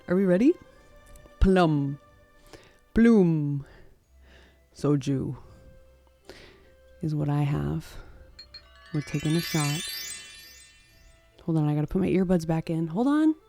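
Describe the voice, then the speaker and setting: A woman's voice: on the low side, warm tone. A woman streaming a cozy game live, gushing thanks to her viewers and laughing often.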